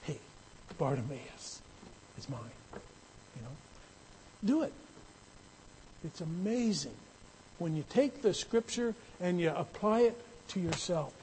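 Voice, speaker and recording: Pastor, male, slow deliberate sermon delivery, slightly high voice, conversational with emphatic swells. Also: sing-song, a little mellow, slight background noise, poor audio. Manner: conversational, rising to emphatic bursts.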